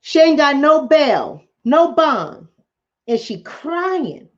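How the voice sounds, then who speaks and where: Speaking straight to her viewers, a woman vlogger gives a casual commentary monologue. Her high voice rises and falls widely in a slow, sing-song way as she preaches with emphasis, and the audio sounds somewhat dull and lo-fi.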